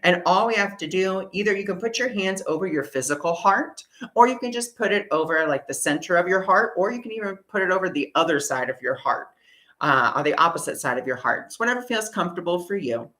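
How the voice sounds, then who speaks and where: A woman with a deep, low voice leads a live online workshop on spiritual energy. She talks casually and warmly encourages her listeners. She guides them through a slow breathing exercise and keeps repeating gentle reassurances. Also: lively intonation.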